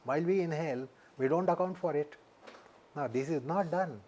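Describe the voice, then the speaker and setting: His voice sits a little high and sounds mellow. A yoga teacher with an Indian English accent, he explains things with deliberate care in an interview and repeats what matters most.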